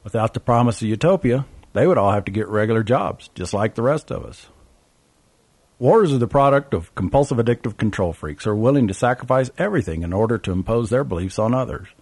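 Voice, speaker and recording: A man's voice: mid-range voice, lively intonation, fast talker, darkish tone, slightly rough, no room sound. A man narrating a travel memoir in a wry, sardonic way.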